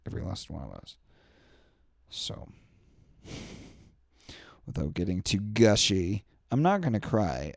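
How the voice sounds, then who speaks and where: Gravelly-voiced man ranting on his podcast. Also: on the low side, darkish tone, dry recording, studio quality. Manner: rambling, profane, heartfelt rant with many fillers. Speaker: podcast host. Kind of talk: candid solo podcast monologue.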